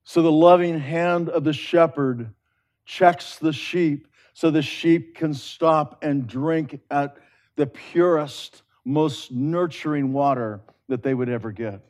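A man preaching a sermon in an earnest, conversational way, swinging between loud emphatic rises and hushed, drawn-out phrases. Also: fairly high pitch, fairly even intonation.

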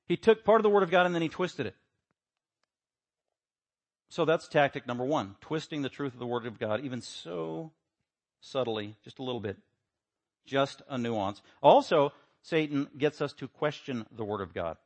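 A man preaching a sermon, emphatic, building to loud rhetorical questions. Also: mid-range voice, animated, brisk. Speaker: pastor.

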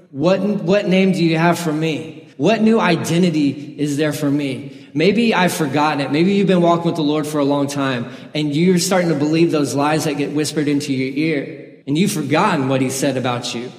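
A man preaching a sermon in an earnest, conversational way, sharing his own story with the congregation. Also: a little high. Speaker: pastor. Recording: echoey hall with long reverb.

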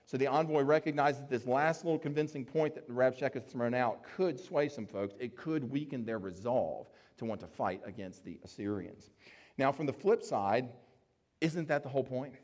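A man's voice: mid-range voice, normal speed, a little mellow. A man preaching a sermon in an explanatory, conversational way, with fillers and restarts. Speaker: pastor.

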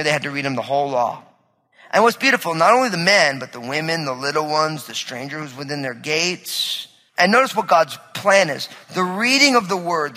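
A male pastor delivers a sermon in a conversational way, frequently putting questions to the congregation. His voice is a little high with a sharp tone, and the recording is poor, with the sound of a big room.

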